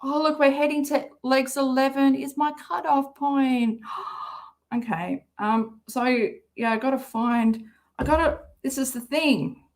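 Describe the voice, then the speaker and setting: Aussie woman rambling on a live stream, slow and kinda high, swears a lot, bit hoarse. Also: darkish tone. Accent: Australian. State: slightly hoarse, throat irritated. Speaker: livestream host. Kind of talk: casual livestream chat.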